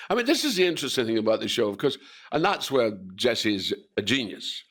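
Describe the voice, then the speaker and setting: An older man talks with an actor's flair, dropping swear words and putting on voices for the people in his stories. His pitch is mid-range but swings widely and expressively. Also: very animated, fast, a bit bright. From Scotland. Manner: swears freely, acts out quoted voices. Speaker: actor guest. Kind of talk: animated anecdotal interview.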